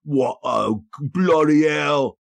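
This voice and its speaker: A man's voice: fairly high pitch, very slow, gravelly, no room sound, voice pushed up, heavily acted. A man voicing a fussy English stable hand in a put-on English accent who panics when his horses run off. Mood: flustered. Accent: mock English. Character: flustered posh English stable hand, male.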